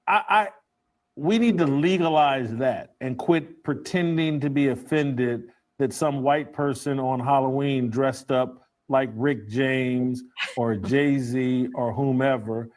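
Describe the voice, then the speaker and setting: A man's voice: medium pitch, a little mellow. A man giving opinionated commentary and firing off rhetorical questions.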